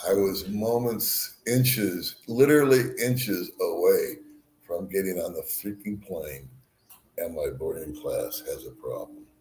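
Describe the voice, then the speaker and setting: Deep-voiced older man telling a rambling story. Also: slow pace, a little mellow, reverberant, slight background noise. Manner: rambling, laughs at his own story, swears freely. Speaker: vlogger. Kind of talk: casual storytelling.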